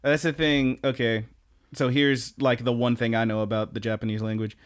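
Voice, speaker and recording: A man co-hosts a podcast in easy, casual chat. He recaps scenes with animated energy, acting out the characters' lines and laughing often. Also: mid-range voice, brisk, clean tone. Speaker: podcast co-host.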